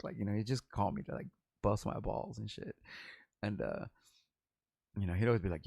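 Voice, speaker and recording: A man's voice: mid-range voice, brisk, gravelly, a little mellow, no echo, studio quality. A man in his forties from Los Angeles, a rapper talking in a rambling, profane and candid vlog monologue.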